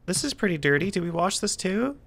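A woman with a fairly low voice talks through a horror game, chatty and full of fillers. She startles easily and breaks into nervous outbursts. Her throat sounds a little rough, and a faint hiss sits under the recording. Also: big pitch swings, brisk. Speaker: gaming streamer.

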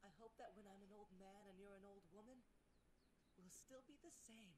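An actor voicing a gentle, hopeful young male anime hero in dubbed dialogue. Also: sits high, fairly quick, no room sound. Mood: tender.

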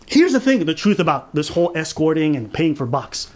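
A man with a fairly high voice gives a casual reaction commentary. He talks bluntly and crudely and mocks the people he is reacting to, breaking into laughs often. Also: sing-song, brisk, a little hiss or hum. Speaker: reaction channel host.

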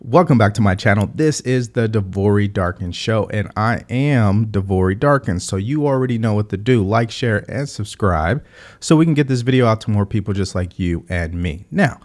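A man's voice: fairly low pitch, lively intonation, moderate pace. A man hosting a political commentary channel, speaking emphatically and addressing the viewer directly.

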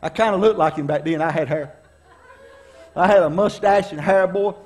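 A middle-aged pastor from preaches with a notably high-pitched man's voice. He tells folksy, funny stories from his own life, rising and dropping for dramatic effect as he draws the lesson. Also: moderate pace, darkish tone. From North Carolina, US. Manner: folksy, humorous storyteller with dramatic swings in delivery. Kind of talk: storytelling sermon.

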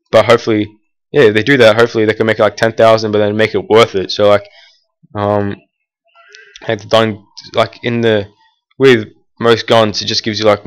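A man's voice: fairly low pitch, smooth. Rambling teenage boy narrating gameplay. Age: teens. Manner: rambling, full of fillers and restarts; erupts in annoyed outbursts at the game. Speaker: gameplay commentator. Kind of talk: casual gameplay commentary.

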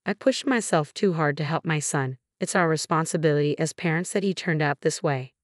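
A woman reading the lines of a gentle, kind elderly father in a calm, soft-spoken way. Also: low voice, brisk, dry recording, studio quality, natural voice.

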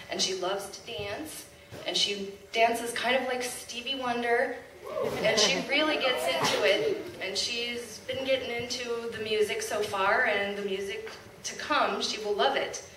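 Woman talking on a school hall stage, kinda high voice, chatty and laughy, picked up from way back. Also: distant mic. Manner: chatty and fond, laughing often. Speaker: school staff member performing in a talent show. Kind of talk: casual stage talk and poem recitation. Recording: echoey hall recorded from afar with background noise.

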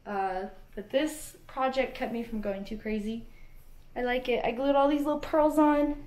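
A woman's voice: sits high, fairly even intonation, moderate pace, darkish tone, roomy sound. A young woman with a congested sick voice, chatting casually and self-deprecatingly about a craft project she made. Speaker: cosplay maker.

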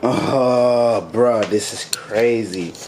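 A man vlogs a car modification, talking casually to his viewers in a mid-range voice at a very slow pace, with background noise audible. He sounds frustrated and exasperated but laughs it off.

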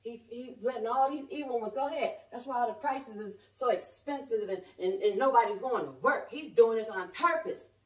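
In an echoey room of her home, a high-voiced woman in her 40s who calls herself a prophet preaches to a camera set up at a distance. She speaks at normal speed with hardly any pauses, fervent, rambling and colloquial, moving between shouting and soft asides.

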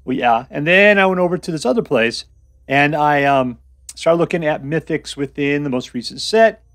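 Goofy, animated male game host. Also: a little high, moderate pace, no room sound, clean studio sound, faint music behind. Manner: goofy, jokey, hype-y, puts on silly voices. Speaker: host of a card game channel. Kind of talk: playful gameplay commentary.

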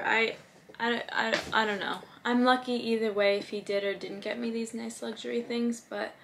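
A woman's voice: fairly high pitch, slight background noise. A woman in her twenties, talking casually and gushing about her birthday gifts, with many "likes" and "ums". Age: 20s. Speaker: vlogger. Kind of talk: casual haul vlog.

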